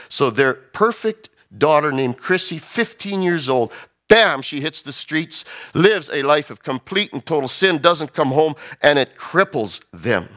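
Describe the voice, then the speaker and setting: Brief: storytelling male preacher, bright and animated, somewhat high. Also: a little slow. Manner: animated, acts out voices. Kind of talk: sermon storytelling.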